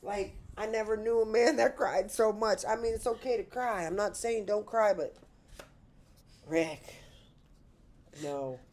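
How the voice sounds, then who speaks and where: A woman's voice: medium pitch, measured pace, pauses often, a little mellow. A middle-aged woman, a podcast guest, chatting casually and telling stories in a blunt, candid way. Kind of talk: casual chat.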